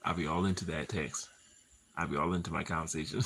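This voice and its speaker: A man's voice: deep voice, expressive, fairly quick, creaky, fairly bright tone, breathy edge, rough recording. A man rambling casually as he half reads a script, easily distracted, repeating himself and breaking into laughter and playful asides.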